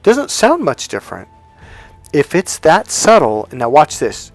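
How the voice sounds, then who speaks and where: A man's voice: a little high, huge pitch swings, unhurried, dry recording, faint music behind. A man giving a casual dating-advice monologue to camera, emphatic and repetitive, acting out little example lines. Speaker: dating coach.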